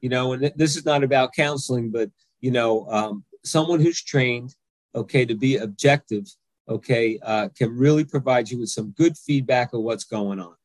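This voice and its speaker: A man in a podcast interview lays out an anger control technique step by step, pausing often to ask "okay?". His voice is mid-pitched, recorded close and dry with no room sound. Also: a little mellow, dry recording. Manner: explains step by step, frequent "okay?" check-ins. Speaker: anger management coach and author.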